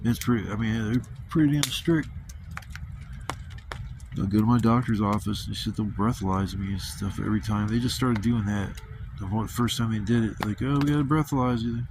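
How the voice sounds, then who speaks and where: Low gravelly dude rambling about old days, swears a lot, noisy outdoor background. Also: male voice, normal speed. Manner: rambling, profane, laid-back. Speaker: vlogger. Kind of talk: casual storytelling. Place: outdoors at a campsite.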